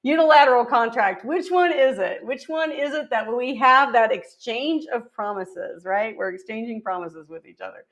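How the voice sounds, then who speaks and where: A woman's voice: a little high, expressive, moderate pace, few pauses, fairly bright tone. A woman co-teaching a live real estate webinar, reading out quiz questions and chatting through answers. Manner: conversational, quizzing students. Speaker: real estate exam co-instructor.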